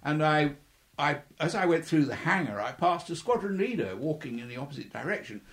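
A man's voice: fairly high pitch, very animated, a little fast, a bit bright. An older man, a former air force pilot, telling chuckling anecdotes in an interview and acting out the voices of the people in his stories. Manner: chuckling storyteller who acts out quoted voices. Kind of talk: anecdotal reminiscing.

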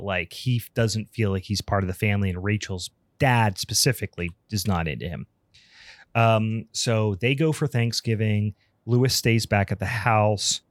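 Low-voiced man rambling through a movie recap. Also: dry recording, studio quality. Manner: rambling, swears, many fillers. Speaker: podcast co-host.

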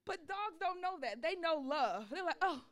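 A woman pastor preaching a sermon, telling a personal story in an animated way and calling out for response. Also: extremely high pitch, moderate pace.

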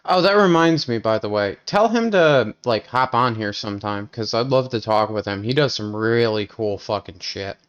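A man's voice: medium pitch, animated, normal speed, few pauses, clean tone. A man on a podcast teasing his friends with crude jokes in casual chat. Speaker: podcast co-host. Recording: dull lo-fi sound.

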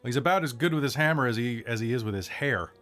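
A man's voice: mid-range voice, quick pace, a bit bright, soft background music, lightly acted. A man voicing a hot-tempered young American man with a light voice who swears and complains. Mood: griping.

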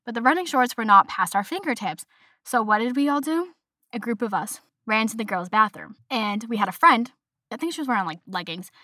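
Bright-voiced chatty woman podcaster. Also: a little high, lively intonation, a little fast, dry recording, studio quality. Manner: chatty, exasperated, mimics voices in quotes. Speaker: podcast host. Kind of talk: casual solo podcast rant.

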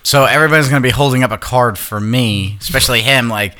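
A man's voice: mid-range voice, fast talker, heavy background noise. A man co-hosting a podcast, bantering casually and laughing often. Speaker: podcast co-host.

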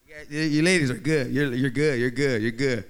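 A man telling a humorous personal story to an audience, acting out the scenes and building up to shouts. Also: medium pitch, fairly quick, smooth. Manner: animated, acts out scenes, rising to shouts.

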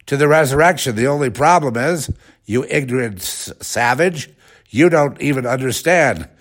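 A man hosting a rambling, sarcastic religious commentary talk. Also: mid-range voice.

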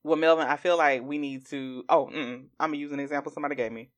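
A woman hosting a podcast in casual chat, animated and acting out what other people say. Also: fast talker, highs cut off. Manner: animated, acts out quoted speech in jumps of pitch. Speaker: podcast host.

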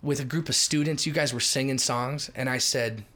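A middle-aged man from Minnesota, telling ministry stories in a lively, emphatic way as a podcast guest. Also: medium pitch. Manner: lively, emphatic, quick shifts in loudness. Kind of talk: animated storytelling in a podcast chat.

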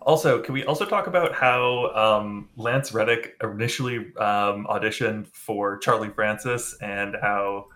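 A man's voice: lowish voice, a little slow, hardly any pauses, a bit bright. A man co-hosting a podcast, chatty and wry in casual conversation. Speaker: podcast co-host. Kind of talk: casual chat.

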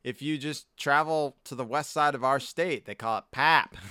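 A man's voice: medium pitch, a little slow, bright, forceful tone, clear, resonant tone, dry recording, clean studio sound. A man from the US East Coast co-hosting a casual podcast, joking, laughing often and wandering into tangents. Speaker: podcast co-host.

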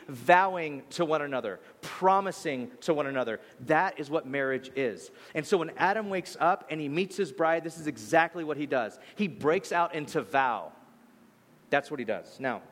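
A man preaching a sermon as a pastor, talking in a loose, conversational way and telling lively stories with quick asides. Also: on the high side, in a large hall. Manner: conversational, animated storytelling with asides.

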